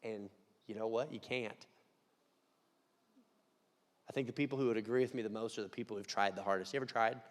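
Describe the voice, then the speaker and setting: A young man preaching a conversational sermon, dropping to quiet asides and rising to loud, emphatic peaks. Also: lowish voice, brisk, long pauses. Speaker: pastor. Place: church hall. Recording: long hall reverb.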